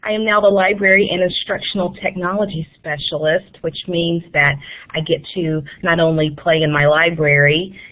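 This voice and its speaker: A woman's voice: fairly low pitch, fairly even intonation, normal speed. North Carolina woman on a tinny line. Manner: friendly, laughing, conversational. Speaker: school librarian. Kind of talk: conference webinar presentation.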